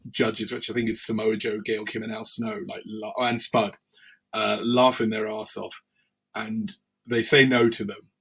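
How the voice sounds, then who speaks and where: A wrestler tells stories on a podcast, animated and acting out what others said. His voice is husky at a middling male pitch. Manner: animated storyteller, acts out quotes. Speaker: wrestler guest. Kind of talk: casual interview storytelling.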